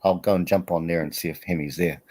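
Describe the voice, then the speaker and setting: A man's voice: sits low, steady tone, fast talker, darkish tone. A man, chatting casually on a group stream, protesting and laughing as he tells rambling stories. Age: 40s. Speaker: regular on a livestream chat.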